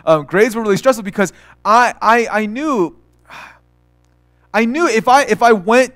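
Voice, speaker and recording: High-voiced young pastor telling stories. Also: male voice, animated, measured pace, a bit bright, no room sound. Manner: casual, storytelling with acted quotes and many restarts. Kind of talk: sermon.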